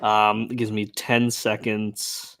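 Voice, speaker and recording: A man's voice: on the low side, completely flat delivery, slow pace, fairly bright tone, clear, resonant tone. A man co-hosting a casual live-stream trivia chat, thinking aloud with many ums and uhs. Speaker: trivia contestant and co-host.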